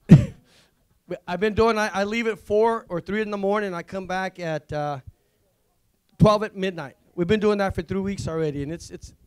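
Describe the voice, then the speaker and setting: A man, a visiting pastor, giving a rambling, excitable testimony at a church service, full of restarts. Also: high voice, clean tone. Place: church sanctuary.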